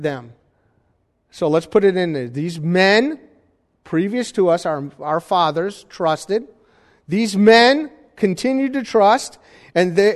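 A man's voice: high voice, expressive, takes it slowly, long pauses. A man preaching a Sunday sermon, teaching and questioning his congregation with emphasis. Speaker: pastor. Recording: long hall reverb.

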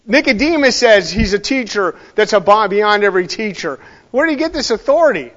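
A man's voice: sits high, expressive, normal speed, a bit bright, dull audio. A man giving an informal verse-by-verse Bible lesson, speaking conversationally and emphatically, drifting into asides and correcting himself as he goes. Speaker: Bible teacher.

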